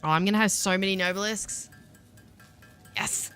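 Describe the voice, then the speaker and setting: Bright-voiced Australian woman streaming a game. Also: mid-range voice, normal speed, smooth, soft background music. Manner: chatty, playful, talks to her chat as she plays. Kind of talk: casual live-stream chat while gaming.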